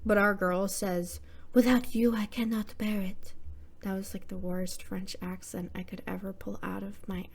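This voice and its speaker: A young woman hosting a scripted horror movie recap, irreverent and slangy, dropping muttered asides. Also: mid-range voice.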